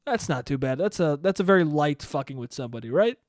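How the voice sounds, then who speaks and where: A man's voice: fairly high pitch, animated, fast talker, a little mellow, dry recording, clean studio sound. A man in his twenties hosting a casual solo podcast, rambling and self-deprecating, swearing freely. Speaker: podcast host.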